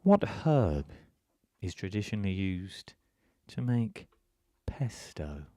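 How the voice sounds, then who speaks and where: Deep, grave TV cookery announcer, put on by a quiz host, slow and drawn-out. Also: male voice, sing-song, mellow, no room sound, clean studio sound, exaggerated voice. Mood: portentous. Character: deep dramatic male cookery-show announcer.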